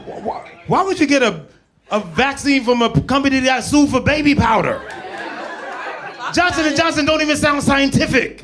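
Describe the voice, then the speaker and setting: High-voiced comic guy messing with the front row, lively pitch, loud crowd noise. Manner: riffs with the audience, playful teasing, quick put-on voices. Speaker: stand-up comedian. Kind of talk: stand-up routine, crowd work. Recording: live club set with loud crowd laughter.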